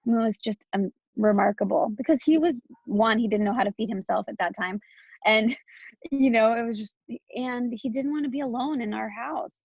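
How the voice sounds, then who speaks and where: A woman's voice: fairly high pitch, normal speed, vocal fry, slightly rough, no room sound, narrow, tinny audio. A woman from Texas in her thirties, speaking as an interview guest in a loose, candid flow full of "like" and restarts.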